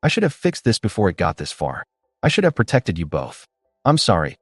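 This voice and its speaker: Casting: a man voicing a broken-down dad, raw and pleading, low voice, dry read. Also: wildly swooping pitch, brisk, breathy edge, no room sound, heavily acted. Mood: heartbroken. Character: heartbroken middle-aged father.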